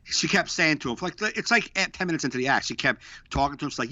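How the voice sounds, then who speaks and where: A young man co-hosts a casual podcast and tells stories with animated energy, slipping into other people's voices as he quotes them. His voice is bright and forceful, with a mid pitch. The recording is dry and a little muffled. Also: fairly quick, dry recording. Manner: animated storyteller, acts out quotes. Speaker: podcast co-host. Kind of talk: casual chat, storytelling.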